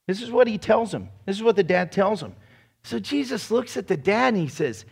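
A male pastor delivering a lively sermon with a fairly high voice. He acts out voices and slips into mocking impressions as he preaches. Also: normal speed, creaky, slightly rough.

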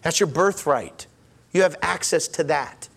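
A man preaching a sermon, telling a story with animated acted-out quotes and frequent chuckles, then easing into a soft, intimate blessing. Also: fairly high pitch, unhurried, creaky.

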